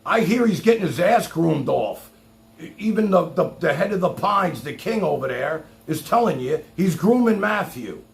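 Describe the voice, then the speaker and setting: A man's voice: a little high, expressive, normal speed, vocal fry. A man hosting a livestream, ranting in a heated, mocking and sarcastic way. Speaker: livestream host.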